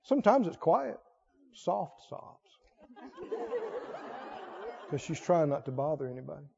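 A man's voice: a little high, very animated, fast talker, gravelly, a crowd in the background. A male preacher delivering a sermon, firing rhetorical questions and repeating words for emphasis, on a dull lo-fi recording.

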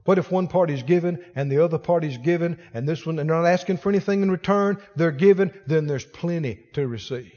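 A man's voice: fairly high pitch, a little fast, hardly any pauses, in a large hall, highs cut off. A man preaching a sermon as pastor, acting out the voices of the people in his stories. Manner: animated preaching, acts out quoted voices.

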